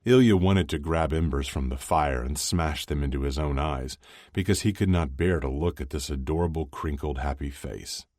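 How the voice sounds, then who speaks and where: An audiobook narrator reads scripted narration in a steady, even storytelling style at normal speed. His voice is extremely low and deep, recorded close and dry with no echo or room sound.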